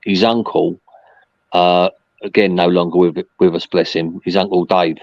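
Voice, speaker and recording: Deep-voiced guy rambling on a podcast, fillers everywhere, muffled dry sound. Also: flat delivery, moderate pace, a little mellow, dry recording. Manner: rambling, chatty, lots of fillers. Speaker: podcast guest, merchandise seller. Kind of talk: casual chat.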